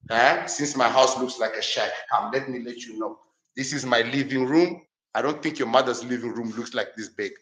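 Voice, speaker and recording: A man's voice: medium pitch, fairly bright tone. Indignant man swearing. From Angola. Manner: heated and indignant, swearing, repeating himself. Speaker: live streamer. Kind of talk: angry live-stream house tour. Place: walking through his house.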